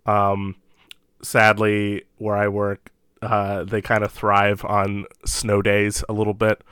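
A man's voice: fairly low pitch, fairly bright tone, clear, resonant tone, no echo, studio quality. A man co-hosting a casual podcast chat who rambles with restarts and laughs often. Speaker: podcast co-host.

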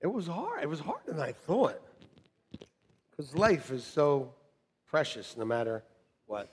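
A middle-aged man preaching a sermon to a congregation, joking and animated, swinging from shouts to quiet asides. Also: a little high, unhurried, pauses often, slightly rough. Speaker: pastor. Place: church hall with congregation. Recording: long reverb of a church hall.

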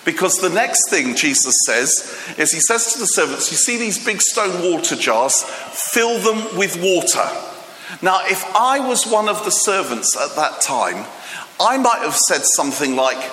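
Chatty preacher in echoey hall. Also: male voice, high voice, very animated, a little slow, sharp tone, slight background noise. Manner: chatty, joking, many fillers. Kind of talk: humorous sermon. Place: church hall. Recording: echoey hall with long reverb.

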